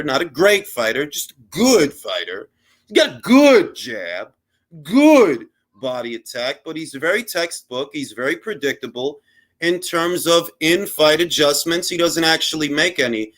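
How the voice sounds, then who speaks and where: Hosting a boxing livestream, a man with a fairly high-pitched, slightly bright voice goes on a casual rant. He's fired up, foul-mouthed and derisive, dropping street slang and snatches of Spanish.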